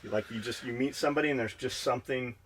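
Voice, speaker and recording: Against background noise, a man with a mid-range voice talks fast as he co-hosts a podcast. His storytelling is casual, blunt, heavy on profanity, and full of fire.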